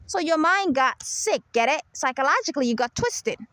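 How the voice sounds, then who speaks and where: A woman's voice: high voice, lively intonation, moderate pace, fairly bright tone, a little hiss or hum. A woman hosting her own channel, talking in a rambling, insistent monologue and keeping the listener with her by repeating "right?" and "okay?". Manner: repetitive, keeps checking with "right?" and "okay?"; insistent, lecturing tone. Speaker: channel host.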